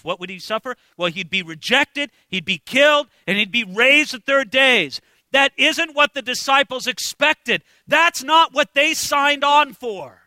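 A male pastor preaching an expository sermon, animated, acting out quoted voices and swinging from hushed asides to shouts. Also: very high-pitched, normal speed, no room sound. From United States.

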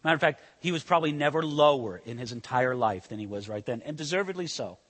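With long reverb as if in a big hall, a male pastor's sermon moves fast and expressively. His bright, sharp voice climbs and falls in pitch, swinging between forceful loudness and hushed intensity.

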